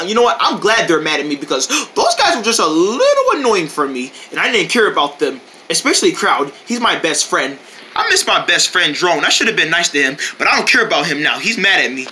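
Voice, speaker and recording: This amateur performer acts out a homemade kids' cartoon in a very bright, sharp voice that leaps around in pitch. The delivery is slangy and casual, broken up by over-the-top shouts and gasps as the characters react. A faint hiss runs underneath. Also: sing-song, fairly quick.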